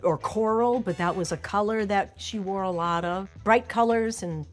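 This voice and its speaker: A woman's voice: medium pitch, normal speed, faint music behind. A woman from Long Island, an actress speaking candidly and conversationally in an interview, with a self-deprecating manner, on a close mic. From Long Island, New York. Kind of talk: casual interview reflection.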